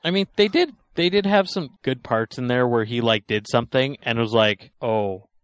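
A man's voice: mid-range voice, moderate pace, dry recording. A man casually chiming in during a wrestling podcast conversation. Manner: easygoing, chiming in. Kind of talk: casual chat.

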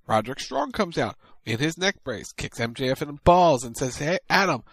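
A man casually recapping a wrestling show on a podcast, retelling it in an animated way and acting out quotes. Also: mid-range voice, fairly quick, dry recording. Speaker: podcast co-host.

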